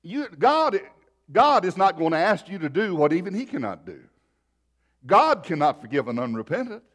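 Preacher guy, kinda high voice that jumps all over, folksy storytelling sermon. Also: big pitch swings, normal speed. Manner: folksy storytelling, shifting loud and soft. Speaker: pastor.

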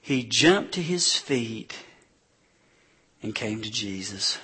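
A man preaching a sermon as a pastor, retelling scripture stories with animated delivery and acted-out voices of crowds. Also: fairly low pitch, slow, husky. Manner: animated storytelling preacher, acting out crowds with shouts.

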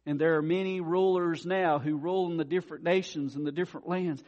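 A man preaching a sermon, swinging from quiet asides to loud declarations. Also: a little high, steady tone, fairly quick, few pauses, highs cut off. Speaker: pastor.

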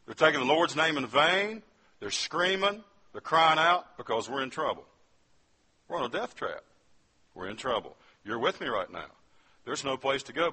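Man telling his testimony in a sermon, bright sharp voice, kinda husky, keeps asking the crowd stuff. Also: mid-range voice. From West Virginia. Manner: storytelling, addresses the audience directly. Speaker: speaker giving a testimony.

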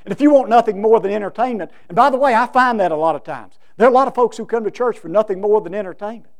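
A man's voice: high voice, fast. A man preaching a sermon as pastor, folksy and emphatic, acting out the voices of the people in his stories.

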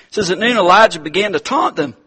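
A man preaching in a relaxed, conversational way, calling his listeners "guys". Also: sits high, brisk, husky. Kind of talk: conversational sermon.

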